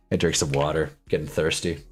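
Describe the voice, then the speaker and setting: A man's voice: very deep voice, flat delivery, normal speed, soft background music. A young man in his twenties from Southern California, chatting casually on a live stream, rambling and joking with frequent laughs.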